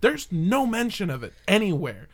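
A podcast host speaking at an ordinary middle pitch, chatting loosely and sarcastically as they pull a story apart. The talk is peppered with swearing and little laughs, a running debunking tone rather than a formal one. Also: sing-song, normal speed. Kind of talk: casual chat.

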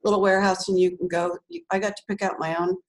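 A middle-aged woman telling a personal story in a relaxed, chatty way, with lots of fillers, restarts and laughs. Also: fairly low pitch, fast, poor audio. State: tearful while remembering. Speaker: author, interview guest. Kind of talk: casual storytelling.

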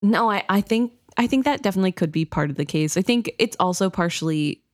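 A woman's voice: mid-range voice, expressive, fast talker, a little mellow. A woman co-hosting a book podcast, chatting casually and often saying "I think" and "like". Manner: chatty, says "I think" and "like" a lot. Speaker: podcast co-host.

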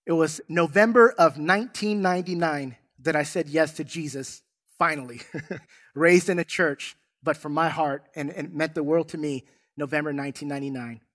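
A man's voice: a little high, moderate pace, fairly bright tone. A male pastor with a slightly raised voice delivers a sermon in a church sanctuary. He preaches emphatically, weaving in stories, and his delivery rises and falls with the message. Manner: emphatic, storytelling.

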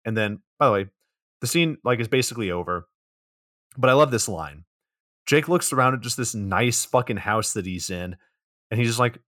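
A man's voice: medium pitch, expressive, brisk, fairly bright tone, no echo, clean studio sound. A man co-hosting a podcast, walking through a movie's plot in a matter-of-fact way with casual swearing. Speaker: podcast co-host.

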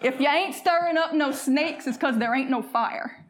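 A woman preaching a fervent sermon in church, slowing down to read scripture and calling on the congregation to answer back. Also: high-pitched.

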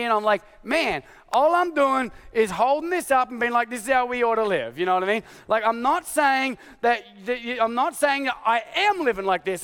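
Animated high-voiced male pastor preaching. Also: clean tone. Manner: animated, confessional, swings from shouted exasperation to hushed. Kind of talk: sermon.

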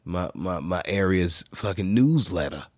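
A podcast host with a low voice delivers an unhurried, profane, animated monologue in loose, casual speech. The sound is close and dry with no room echo.

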